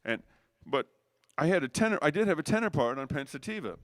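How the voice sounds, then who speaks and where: A man's voice: on the high side, sing-song, fast talker, no room sound, clean studio sound. A middle-aged man, a jazz saxophonist, telling rambling stories in a casual interview. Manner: rambling anecdotal storyteller with frequent restarts.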